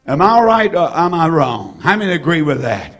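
Casting note: older male preacher, high voice, fervent and emphatic, repeats lines for effect. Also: big pitch swings, moderate pace, fairly bright tone. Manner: emphatic, repetitive, interjects hallelujah. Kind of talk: fiery sermon.

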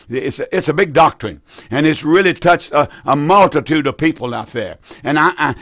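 In clean studio sound with no echo, a radio Bible teacher with a higher-pitched male voice preaches with fervor on his call-in show, frequently restarting and repeating himself.

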